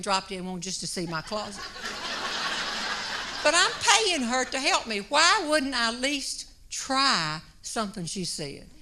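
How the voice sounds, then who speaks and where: A woman telling a self-deprecating comic story to an audience in an animated way. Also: medium pitch. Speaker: humorous speaker.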